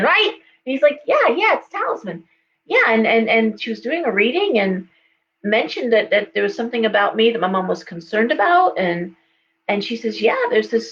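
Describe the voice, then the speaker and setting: A woman psychic hosting a live stream, telling stories in a casual, animated way and acting out the voices of people she quotes. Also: mid-range voice, muffled recording, slight background noise. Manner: animated, acts out quoted voices, many restarts. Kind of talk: casual storytelling chat. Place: indoors, shop.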